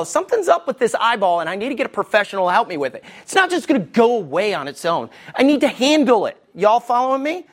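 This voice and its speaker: A middle-aged man preaching a sermon as a pastor, folksy, with asides and jokes, swinging his pitch for emphasis. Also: sing-song, fast, hardly any pauses.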